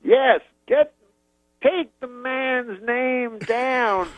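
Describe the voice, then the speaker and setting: A man's voice: very slow, no echo, full character voice, rough recording. A man putting on an older male comedian who talks in clipped fragments and never finishes a sentence. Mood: grand. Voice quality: high, clipped, no full sentences.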